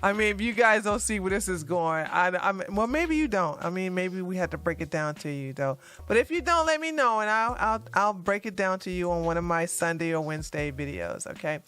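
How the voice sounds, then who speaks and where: A woman's voice: lowish voice, expressive, brisk, few pauses, a bit bright, clear, resonant tone. A woman hosting her own news commentary vlog, talking casually and animatedly to her viewers and laughing often.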